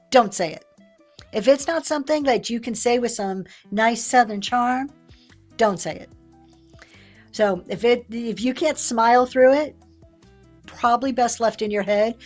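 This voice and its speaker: A middle-aged woman hosting a casual livestream, chatty and quick to laugh as she reads viewer comments. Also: a little high. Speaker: live-sale seller and host. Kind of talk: casual livestream business talk.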